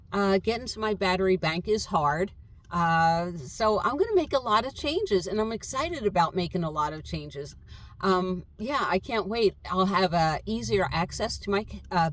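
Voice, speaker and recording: A woman vlogging casually from inside her camper van, thinking aloud and meandering with lots of uh and um fillers. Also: lowish voice. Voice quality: voice others compare to a chatty cartoon fish. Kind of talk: casual rambling chat to camera.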